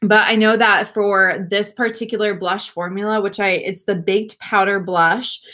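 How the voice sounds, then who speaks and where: A bubbly young woman chats with viewers at home as she does her makeup on a livestream. She gushes, laughs easily and speaks at a middling pitch into a webcam mic. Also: a bit bright. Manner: bubbly, gushing, laughs often, talks to viewers. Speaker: beauty vlogger. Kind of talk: casual livestream makeup chat.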